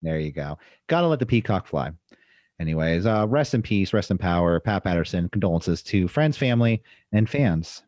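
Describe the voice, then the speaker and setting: A man co-hosting a casual wrestling podcast talks in a low voice, rambling and halting with many fillers. The recording is close and dry, with no room sound. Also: big pitch swings, a little mellow, no echo. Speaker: podcast co-host. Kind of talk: casual chat.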